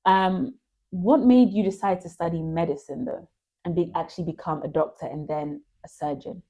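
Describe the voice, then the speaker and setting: A woman co-hosts a podcast in a chatty way, stepping in to explain things for the viewers. Her voice is slightly low and warm, with a relaxed tone. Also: normal speed. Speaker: co-host. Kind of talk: podcast interview hosting.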